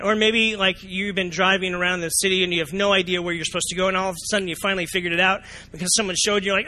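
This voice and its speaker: A man preaching a sermon as pastor, animated and often asking the congregation questions. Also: high-pitched, racing, hardly any pauses. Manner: animated, asks the congregation questions, acts out reactions. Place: church sanctuary.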